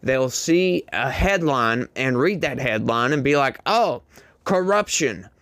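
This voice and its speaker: A man's voice: medium pitch, expressive, a little slow, fairly bright tone, dry recording. Sarcastic rambling male political commentator. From rural United States. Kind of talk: casual commentary monologue.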